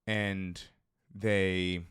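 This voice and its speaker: A man's voice: sits low, flat delivery, extremely slow, a bit bright, clean tone. A man co-hosting a live stream in casual chat, teasing his co-host and swearing freely. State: feeling hot.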